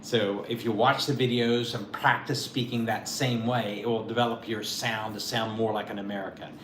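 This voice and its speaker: A man's voice: fairly low pitch, fairly even intonation, moderate pace, fairly bright tone. Male mock visa officer, encouraging, echoey room, faint hiss. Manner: encouraging, repeats words often. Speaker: mock visa interviewer and consultant. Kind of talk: mock interview and coaching.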